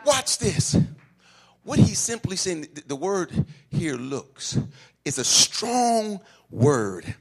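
Fiery high-voiced preacher with gravel. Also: male voice, very animated, slow pace. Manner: swings from shouting to hushed asides, repeats lines. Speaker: pastor. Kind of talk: call-and-response sermon.

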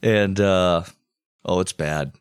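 A man's voice: low voice, slow pace, smooth, no echo, clean studio sound. A man co-hosting a comedic podcast, wisecracking and ranting with energy. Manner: wisecracking, animated when ranting. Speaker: podcast co-host. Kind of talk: casual comedic chat.

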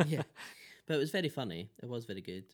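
A man with a Scottish accent, a podcast guest chatting casually, animated and laughing often. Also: medium pitch, a little fast. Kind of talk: casual chat.

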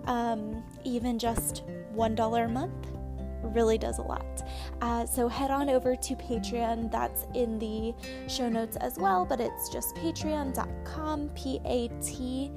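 A woman hosting a podcast, talking in a relaxed way with many fillers as she reads an appeal and asks a question. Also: a little high. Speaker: podcast host.

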